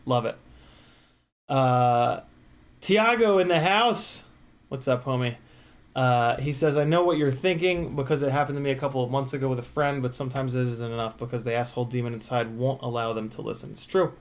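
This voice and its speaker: A man's voice: medium pitch, steady tone, fairly quick, darkish tone. A man hosting a casual live stream, reading viewer comments and answering them in an earnest, encouraging way with many fillers.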